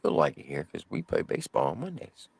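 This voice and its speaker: A man voicing a huge, calm male inmate who speaks in a very soft, quiet voice. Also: low voice, fast, gravelly, breathy edge, no echo, voice pushed down, heavily acted. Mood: eerie calm.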